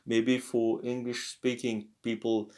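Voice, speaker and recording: A man teaching a casual language lesson, talking slowly and haltingly with many fillers and self-corrections. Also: medium pitch, flat delivery, a little mellow. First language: French.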